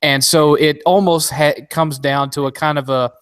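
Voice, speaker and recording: A man's voice: a little high, fairly even intonation, moderate pace, a bit bright, clean tone, no echo, clean studio sound. A man talking in a casual podcast chat, rambling with many restarts and fillers.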